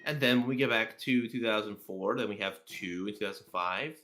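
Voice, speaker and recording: A man co-hosting a casual political commentary chat, often pausing with fillers as he reads through numbers. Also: on the low side, a bit bright. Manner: reads out statistics haltingly, many fillers. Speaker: co-host.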